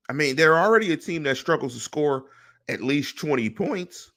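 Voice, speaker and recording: Animated middle-aged man hosting a podcast. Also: a little high. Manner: animated, rhetorical questions to listeners. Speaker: podcast host. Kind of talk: solo sports podcast commentary.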